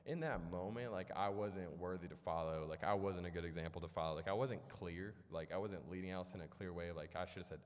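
This young man from Illinois preaches in a church hall, his low voice moving at a quick clip with hardly any pauses. The sermon is a casual, rambling story packed with fillers and self-deprecating humor, ringing with the hall's long reverb.

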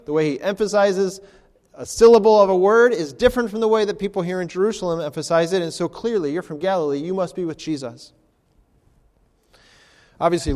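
A man's voice: on the high side, darkish tone, long reverb tail. A man, a pastor, preaching an expository sermon with rhetorical questions.

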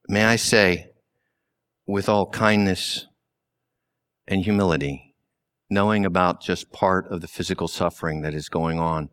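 A man preaching a sermon slowly and deliberately, with long pauses and sudden drops to a hush. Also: sits low, clear, resonant tone. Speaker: pastor.

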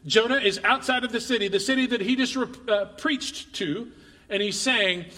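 A man preaching a sermon, reading scripture aloud and voicing its speakers with animated emphasis, asking the crowd questions. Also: very high voice, moderate pace. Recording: long reverb of a large hall.

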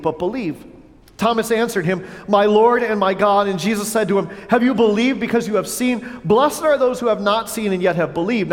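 Male pastor, very high voice, earnest sermon delivery with rhetorical questions, reverberant church hall.

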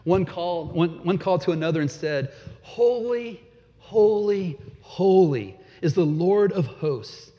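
A man's voice: a little high, normal speed, few pauses. Man preaching in a reverberant hall. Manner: dramatic, swings from loud emphasis to hushed. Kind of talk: sermon. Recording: dull, long hall reverb.

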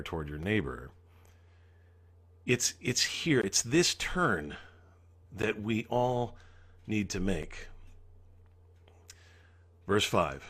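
A man's voice: on the low side, fairly bright tone. A man preaching a sermon as pastor, earnestly acting out the psalmist's pleas.

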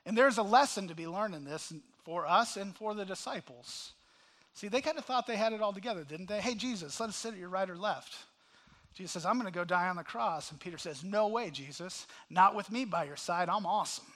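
A male pastor with a high, bright voice delivers an impassioned sermon. He swings from loud cries to hushed, intimate asides as he addresses the congregation. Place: church sanctuary.

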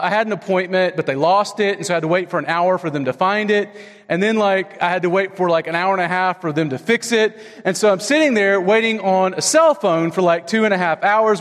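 A man, probably in his thirties, preaching a sermon as pastor, telling personal stories in a conversational way with big swings between loud, high moments and low, quiet ones. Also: in a large hall. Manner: conversational storytelling with wide swings in pitch.

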